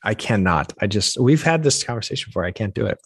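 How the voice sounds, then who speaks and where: A man's voice: on the low side, animated, fast talker, gravelly, slightly rough, no echo. A man co-hosting a casual faith podcast, talking through ideas in an earnest, reflective way. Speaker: podcast co-host.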